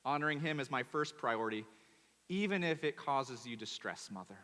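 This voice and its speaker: A male pastor preaching a sermon in a church, animated and emphatic, often repeating words. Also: medium pitch, normal speed. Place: church auditorium. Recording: long church hall reverb.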